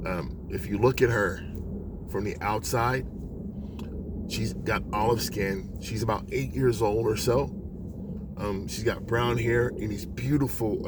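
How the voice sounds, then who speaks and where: A man's voice: fairly low pitch, slight background noise. A man telling a devotional story in an earnest monologue, often using fillers. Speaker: christian storyteller.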